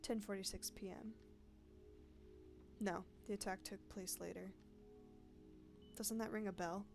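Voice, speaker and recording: A woman's voice: mid-range voice, fairly even intonation, unhurried, creaky. A woman reading the lines of a bitter, vengeful female newspaper sub-editor, cold, accusing and pedantic, over game music. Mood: menacing.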